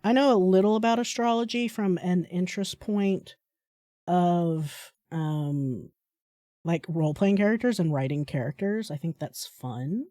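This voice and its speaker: Excitable, swearing woman streamer. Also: fairly low pitch, unhurried, dry recording, studio quality. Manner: excitable, jokey, swears freely. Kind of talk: casual gaming commentary.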